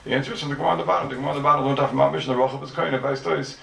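Male Talmud lecturer, gravelly fry, fast, emphatic and repetitive; room echo, distant mic, faint hiss. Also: medium pitch, fairly even intonation, a bit bright. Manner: rhetorical questions, emphatic repeating of phrases. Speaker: Talmud teacher. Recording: echoey room, mic far off, faint noise.

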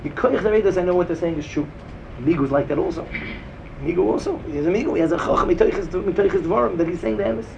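Gravelly man with Yeshivish English accent. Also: fast, muffled recording, background noise. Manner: sing-song, rising to emphatic bursts and dropping low. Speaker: Talmud teacher. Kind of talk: yeshiva-style Talmud lecture.

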